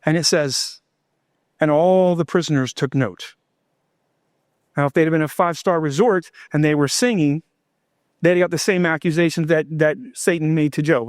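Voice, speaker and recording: High-pitched man preaching with fervor. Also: steady tone, normal speed, pauses often, no echo, clean studio sound. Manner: impassioned preaching, voicing God and himself in quotes. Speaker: pastor. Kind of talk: sermon.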